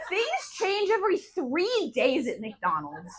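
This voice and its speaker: Bright, lively young woman doing stand-up. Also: very high voice, unhurried, hardly any pauses, low-quality recording. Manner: deadpan storytelling with sudden loud punchlines. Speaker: stand-up comedian. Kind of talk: stand-up set. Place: bar comedy stage.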